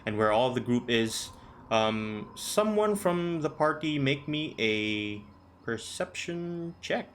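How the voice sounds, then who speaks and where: A man running a tabletop game as game master, describing scenes in a relaxed, unhurried way with many ums over an online call. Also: mid-range voice, slight background noise.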